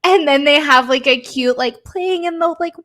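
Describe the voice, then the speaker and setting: Animated woman retelling scenes. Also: high-pitched, normal speed. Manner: animated storytelling, acts out characters' lines, many "like" fillers. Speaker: podcast co-host. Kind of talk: casual chat recapping a show.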